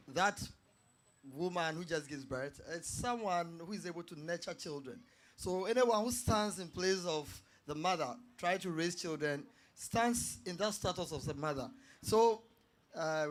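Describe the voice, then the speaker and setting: A man hosting a crowd game at a public event, barking quick commands into a handheld microphone. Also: high voice, a bit bright. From Ghana. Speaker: event host leading a game. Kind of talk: lively crowd game calling. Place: retail centre event space.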